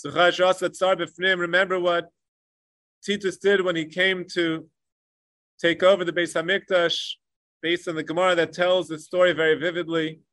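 A man teaching a Torah lecture with passion, mixing Hebrew learning terms into English and swinging between emphatic peaks and hushed asides. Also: high-pitched, flat delivery, normal speed, no echo, clean studio sound. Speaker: rabbi. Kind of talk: Torah lecture on the Tisha B'Av kinos.

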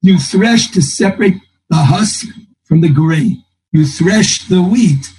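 A man's voice: sits high, animated, slow, darkish tone, a little hiss or hum, low-quality recording. A man teaching a Talmud class, thinking aloud and quoting texts in a lilting singsong. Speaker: Torah teacher.

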